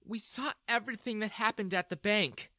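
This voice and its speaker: Guy putting on a gentle middle-aged mom, sorry and a bit sheepish, higher voice. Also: moderate pace, dry recording, studio quality, heavily acted. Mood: rueful. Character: apologetic middle-aged mother, wife of the manager.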